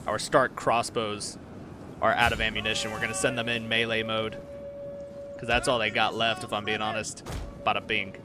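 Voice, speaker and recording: A man giving excited, casual commentary on a battle while streaming a game. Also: fairly low pitch, moderate pace, background noise. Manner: excited, swears, lots of fillers. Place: home room.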